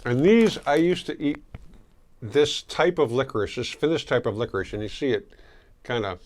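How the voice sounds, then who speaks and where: A man of middle pitch hosts a relaxed candy tasting video, chatting to the camera and chewing as he goes. His talk is casual and easygoing, now and then muffled by the candy in his mouth. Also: normal speed. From Michigan. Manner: chatty, chewing while talking. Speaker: host.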